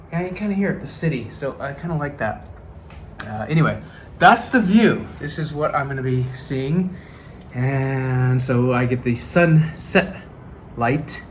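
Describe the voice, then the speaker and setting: A man vlogging casually from a hotel room, rambling and musing aloud, easily amazed by the view. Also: medium pitch. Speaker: travel vlogger. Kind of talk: casual chat to camera. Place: hotel room by an open window. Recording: faint city noise behind.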